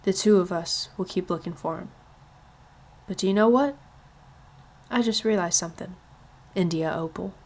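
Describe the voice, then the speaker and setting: A woman voicing a grieving preacher father in a read-aloud storybook, speaking slow and soft. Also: lowish voice. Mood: gentle.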